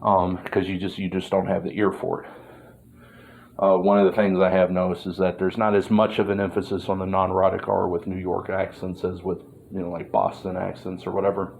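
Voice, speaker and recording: A man's voice: sits low, level tone, a little fast, vocal fry, a little mellow. A man vlogging in a meandering monologue, full of fillers and swearing. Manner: meandering, filler-heavy, profane. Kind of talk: rambling monologue.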